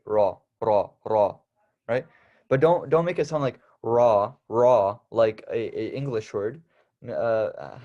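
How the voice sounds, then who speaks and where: A man's voice: lowish voice, creaky, a little mellow, muffled recording. Young male teacher, casual lesson delivery, drills each sound patiently. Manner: patient, repeats and stresses each letter sound. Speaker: Arabic alphabet teacher.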